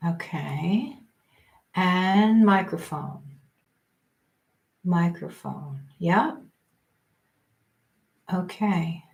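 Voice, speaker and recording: Slow, chatty older woman astrologer. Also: fairly low pitch, vocal fry, darkish tone. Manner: chatty, thinks aloud, self-deprecating about tech. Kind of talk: casual livestream chat.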